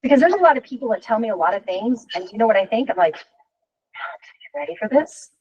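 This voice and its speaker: A woman in her fifties coaches a workshop in a fairly high, slightly rough voice, talking very fast. The recording's highs are cut off, and she's frank and animated, often tossing in a rhetorical "right?".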